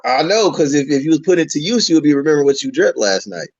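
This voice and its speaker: A man's voice: a little high, very fast, gravelly, dry recording, lo-fi sound. A man hosting a casual spiritual chat, talking in a laid-back, slangy and encouraging way. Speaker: podcast host.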